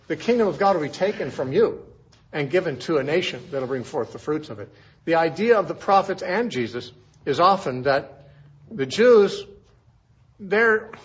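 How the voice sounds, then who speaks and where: A man's voice: fairly high pitch, slightly rough. A man teaching through a Bible passage verse by verse in a conversational way, asking rhetorical questions as he explains. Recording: dull lo-fi recording.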